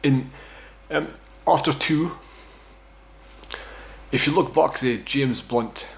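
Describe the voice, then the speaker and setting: Slow and creaky at medium pitch, a Scottish man in his thirties rambles through a personal story in a casual vlog. He swears, mocks himself, and is fond of finishing lines with "right?".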